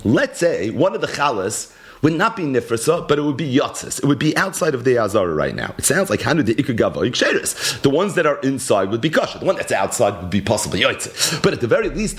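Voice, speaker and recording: Lively man teaching Talmud. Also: medium pitch, brisk. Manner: animated explaining, mixing English with Hebrew and Aramaic terms. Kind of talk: Gemara lesson.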